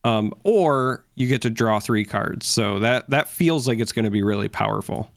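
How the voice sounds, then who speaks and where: A man's voice: on the low side, animated, normal speed, gravelly, no room sound, studio quality. A man co-hosting a podcast, chatting casually and joking with playful impressions. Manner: easygoing, jokes with playful impressions. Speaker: podcast co-host. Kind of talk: casual chat.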